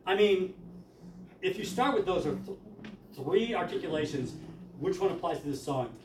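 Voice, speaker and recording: A man runs a choir rehearsal, explaining articulation and singing phrases to show the choir what he wants. His voice sits fairly high for a man. It comes from a distance in an echoey room with music in the background. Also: lively intonation, noisy background. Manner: explains briskly, then sings lines to demonstrate. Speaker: choir director.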